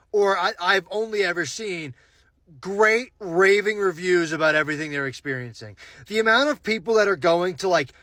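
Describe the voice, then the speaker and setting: A man's voice: sits high, pushed and bright, no room sound. An American man giving casual reaction commentary, gushing with enthusiasm and swearing casually. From United States. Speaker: social media commentator.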